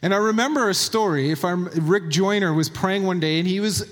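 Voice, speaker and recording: A man preaching a sermon, reading scripture aloud and commenting on it with emphasis, sometimes dropping to a quiet, low voice. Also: fairly quick. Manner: drops to a quiet, low voice for tender points. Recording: long hall reverb.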